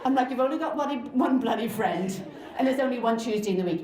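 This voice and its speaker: A woman in her forties performing a stand-up comedy set, animated and mocking slang in exaggerated voices. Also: a little high, quick pace. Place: comedy night in a live venue with audience. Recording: echoey room, loud crowd laughter and noise.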